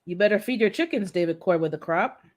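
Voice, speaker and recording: Brief: a woman of middle pitch hosting live trivia with chatty, teasing banter. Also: lively intonation, fast talker. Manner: playful, chatty, teasing viewers. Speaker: livestream host running holiday trivia. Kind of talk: casual live-stream chat.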